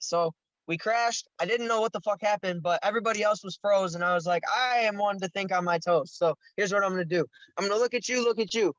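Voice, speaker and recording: A man's voice: sits high, a bit bright, no room sound, dull audio. A young man telling a story as a podcast guest, casual and profane, laughing now and then.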